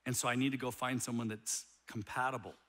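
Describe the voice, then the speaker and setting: A middle-aged man preaching a sermon as a pastor, telling a story with animated humor. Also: medium pitch, fast.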